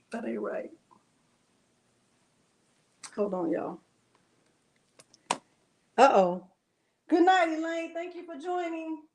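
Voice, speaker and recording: A high-pitched woman runs a live crafting demo from home. She keeps up a chatty, friendly patter, laughing often and addressing her viewers directly. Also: slight background noise. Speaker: craft livestream host.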